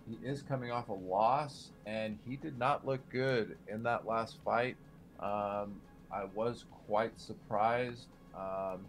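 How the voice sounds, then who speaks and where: Low-voiced man with lots of ums. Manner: hesitant, heavy on ums and uhs. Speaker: podcast co-host. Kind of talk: casual sports betting analysis.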